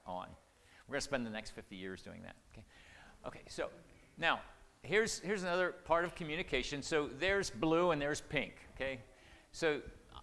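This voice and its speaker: An older man teaches a marriage-preparation class in a plain, folksy voice of middling pitch. He talks earnestly and conversationally, checking in with the audience as he goes. A long hall reverb trails after his words. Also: bright, forceful tone. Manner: earnest, conversational, many restarts and "okay?" check-ins.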